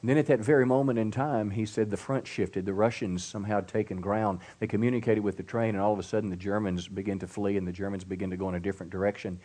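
A man's voice: on the low side, fairly even intonation, fast, few pauses, mellow. Fervent preaching man, pastor. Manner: emphatic preaching with "come on" call-outs. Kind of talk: sermon. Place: church service.

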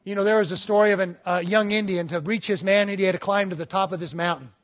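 This male pastor speaks fast in a high, steady voice, keeping his sermon conversational. Frequent check-ins with the congregation alternate with short stories in which he acts out the voices.

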